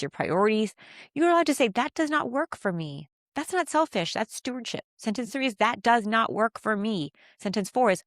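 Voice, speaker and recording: A woman giving a calm, faith-based self-help talk on handling conflict. She teaches step by step and slows down to stress key phrases. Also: medium pitch, dry recording, studio quality. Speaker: communication coach.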